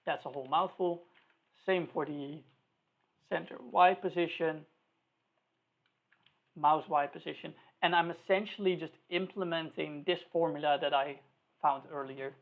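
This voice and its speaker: A programming instructor with a medium-pitched, steady voice talks at a measured pace and pauses often while live coding. The recording sounds tinny, like a phone, as the instructor reasons aloud, spells out every line, and corrects mistakes along the way.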